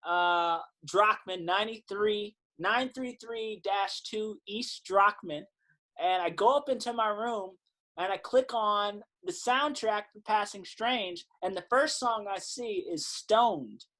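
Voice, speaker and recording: Man, 30s, podcast guest, lively storyteller who voices everyone he quotes. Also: high-pitched, takes it slowly. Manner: animated storyteller, acts out quotes, swears casually. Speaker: podcast guest, singer-songwriter. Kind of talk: casual storytelling interview.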